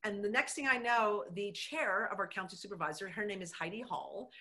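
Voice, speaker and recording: A middle-aged woman, a former mayor, telling her story with emphatic, animated energy in a conversational interview. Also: medium pitch, a little fast.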